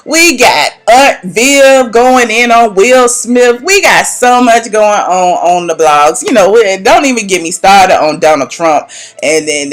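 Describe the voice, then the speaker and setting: A young woman, chatting casually with her viewers as she hosts a gossip live stream. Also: on the low side. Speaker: vlogger hosting a live gossip chat.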